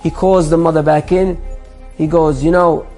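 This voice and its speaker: A man, a rabbi, telling an inspirational story in an animated way and acting out its people. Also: on the high side, normal speed, faint music behind.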